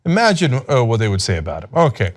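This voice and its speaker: A man giving sarcastic political commentary, mocking and exasperated, firing off rhetorical questions. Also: quick pace. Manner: mocking, exasperated, reads quotes aloud; rhetorical questions, lively pitch swings.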